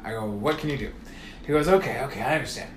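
A man's voice: mid-range voice, animated, quick pace, reverberant, a little hiss or hum. A man telling a long story in casual chat, swearing freely and acting out both sides of phone calls. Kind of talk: casual storytelling among friends.

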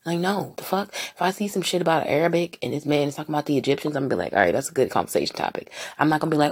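A woman hosting her own podcast, ranting in a rambling, profane way and putting on mocking voices, a little high as she talks. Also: very fast, creaky, few pauses, darkish tone, slightly rough. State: partially high. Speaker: podcast host. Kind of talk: casual solo podcast rant.

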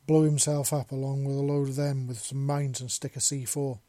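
A man voicing a desperate young runaway in his early twenties, talking fast and urgently. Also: medium pitch, flat delivery, mellow, dry recording, close to an everyday voice. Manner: frantic, pleading.

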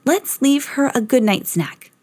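A curious, confident little schoolgirl from a picture book, as a mother reads her lines. She sounds a touch high and lively, earnest and sure of her ideas, in a dry, close sound. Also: a little slow, dry recording.

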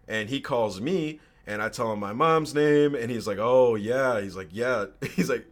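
A man's voice: mid-range voice, measured pace. A man in his twenties, a podcast guest, casually telling a personal story with slang and swearing. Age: 20s.

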